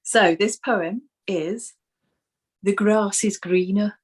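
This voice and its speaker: A woman's voice: mid-range voice, slow pace, slightly rough. A woman hosting an interview, chatting in a cheerful way and laughing easily. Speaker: interviewer host. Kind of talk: conversational interview.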